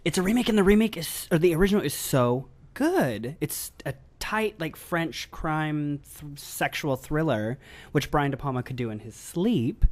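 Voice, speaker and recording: A man co-hosting a casual movie podcast airs blunt, animated opinions on films. He talks freely and keeps the conversation loose. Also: on the high side, normal speed. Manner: opinionated, animated film critic. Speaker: podcast co-host. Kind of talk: casual chat.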